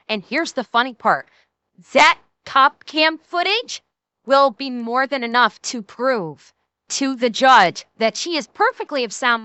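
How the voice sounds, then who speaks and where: A woman's voice: high voice, pushed and bright, clear, resonant tone, no room sound. A woman giving blunt, sarcastic, profane reaction commentary as a streamer. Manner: blunt, sarcastic, swears a lot.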